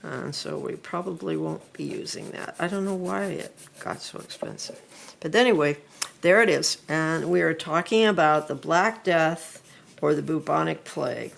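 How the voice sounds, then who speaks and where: A middle-aged woman who teaches art chats through a drawing lesson in a low, slightly gravelly voice. Relaxed and unhurried, she thinks out loud as she draws in the classroom.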